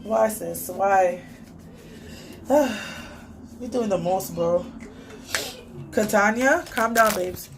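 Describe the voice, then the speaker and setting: A woman's voice: mid-range voice, drawn-out words, pauses often, noisy background. A young woman vlogging casually while she cleans, rambling and chatty, talking to a child off camera and reading comments aloud.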